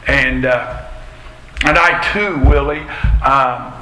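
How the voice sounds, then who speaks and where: Middle-aged male pastor, bright conversational sermon voice, roomy church echo. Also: mid-range voice, very slow, slight background noise. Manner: conversational, folksy preaching with asides. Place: church sanctuary. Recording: echoey church hall, faint ambience.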